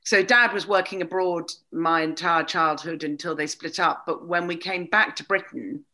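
A woman talking as an interview guest, animated and candid, with a wry, storytelling manner. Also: fairly low pitch, normal speed. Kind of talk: casual conversation.

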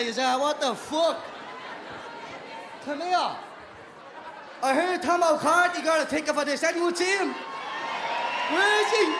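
Very high-voiced Dublin man bantering with a crowd. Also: gravelly. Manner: cheeky, sweary crowd banter. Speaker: live podcast co-host. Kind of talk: live stage banter with crowd. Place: live venue before an audience. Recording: echoey venue, noisy crowd.

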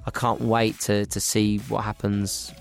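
A man chatting as a guest on a radio show, cheerful and quick to laugh, often repeating his words. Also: on the low side, completely flat delivery, vocal fry, soft background music. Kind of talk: casual radio chat.

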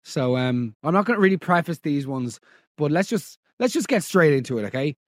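An Irish man hosting a comedy podcast, talking in animated, incredulous and profane banter. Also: on the high side, brisk, no echo, studio quality. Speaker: podcast host. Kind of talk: casual comedic monologue.

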